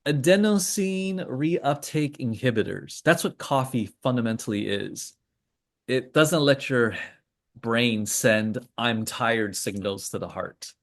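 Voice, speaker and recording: A man's voice: medium pitch, slow. A man hosting a casual trading call, rambling through charts with joking asides and lots of fillers. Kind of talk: casual screen-share commentary.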